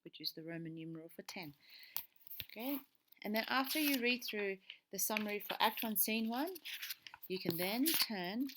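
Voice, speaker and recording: A woman's voice: medium pitch, animated, normal speed, long pauses, very noisy. A woman teacher giving a recorded lesson, explaining patiently step by step and checking in with a frequent "okay".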